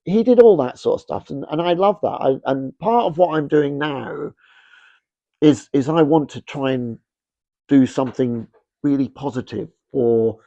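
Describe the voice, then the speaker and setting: A middle-aged man, a fashion brand founder, telling rambling, animated anecdotes with lots of restarts in a casual interview. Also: mid-range voice, unhurried, no echo, dull audio.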